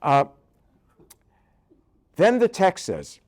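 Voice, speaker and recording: A man's voice: sits high, huge pitch swings, very slow, a little mellow. An older man, a rabbi, giving a conversational Bible lecture full of jokes and asides, often checking in with "right?". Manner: joking, keeps asking "right?".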